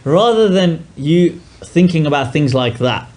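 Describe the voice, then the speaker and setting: A man's voice: fairly high pitch, expressive, measured pace, darkish tone. A man teaching a classical religious text to a class, casual and joking, often acting out grumbling people. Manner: jokey, acts out grumbling people in asides.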